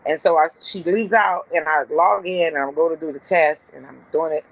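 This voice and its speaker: A woman's voice: steady tone, normal speed, lo-fi sound. A woman from Compton, California, a comedian telling blunt, profane stories as a podcast guest. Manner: blunt, profane, jumps high and loud when acting out quotes. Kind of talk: casual storytelling on a podcast.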